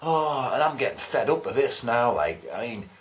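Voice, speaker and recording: A man's voice: medium pitch, animated, normal speed. A British man telling an exasperated, sweary and sarcastic story about a bus ride. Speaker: vlogger. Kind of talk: ranting anecdote.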